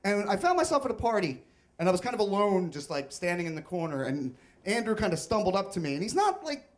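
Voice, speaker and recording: A man's voice: high voice, sing-song, fast. A young man telling a comic, self-mocking personal story on stage at a live storytelling event.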